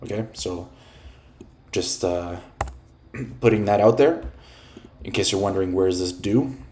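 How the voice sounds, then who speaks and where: A low-voiced male language teacher who explains grammar slowly and patiently, pausing to clear his throat now and then. Faint keyboard clicks tick along in the background. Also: a little mellow, slight background noise. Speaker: Spanish teacher. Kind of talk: explaining a listening exercise.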